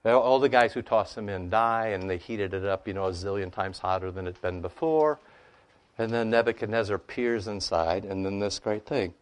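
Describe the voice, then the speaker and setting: Animated low-voiced man explaining scripture. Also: normal speed, clean tone. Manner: animated, peppered with "you know" and "right?". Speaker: guest answering questions on scripture. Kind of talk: conversational teaching.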